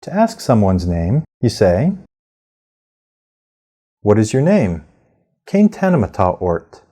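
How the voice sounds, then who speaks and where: A man narrates a scripted language lesson in a low, mellow voice that moves a lot in pitch. He explains each phrase clearly and pronounces it with care. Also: huge pitch swings. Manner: clear, measured instruction with careful pronunciation. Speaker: language teacher.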